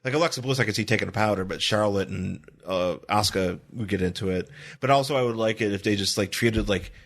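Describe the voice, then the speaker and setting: A man co-hosting a podcast in casual chat, animated, often acting out quotes in loud high voices. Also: fast talker. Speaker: podcast co-host.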